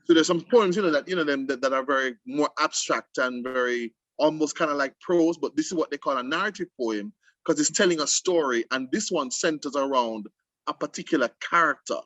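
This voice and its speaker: A man hosting a casual poetry discussion for students, explaining emphatically with lively restarts. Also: a little high, fairly quick, no room sound. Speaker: host.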